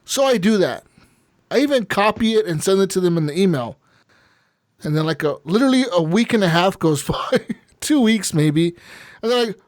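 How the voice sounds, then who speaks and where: A man co-hosting a gaming podcast, telling stories in a casual, profane, animated way with lots of restarts. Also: high-pitched, normal speed, no echo, studio quality. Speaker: podcast co-host. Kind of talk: casual chat.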